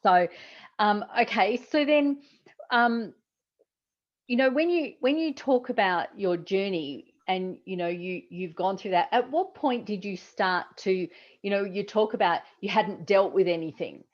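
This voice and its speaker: A woman's voice: mid-range voice, a little slow. A woman hosting an interview, encouraging her guest and prompting him with questions. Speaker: podcast host. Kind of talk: interview conversation. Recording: dull lo-fi audio.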